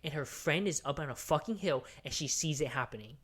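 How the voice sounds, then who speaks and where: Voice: mid-range voice, lively intonation, a little fast, a bit bright, breathy edge. A podcast co-host giving a long, rambling movie recap that is full of swearing, fillers and restarts. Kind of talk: casual podcast chat.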